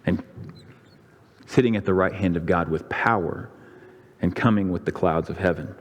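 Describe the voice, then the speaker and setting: Guy preaching in a church, low voice, long echo off the hall, acts out the crowd lines. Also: moderate pace, muffled recording. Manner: dramatic storytelling, voicing the crowds' and priests' lines with rising pitch. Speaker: pastor. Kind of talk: sermon retelling a scripture story. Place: church sanctuary.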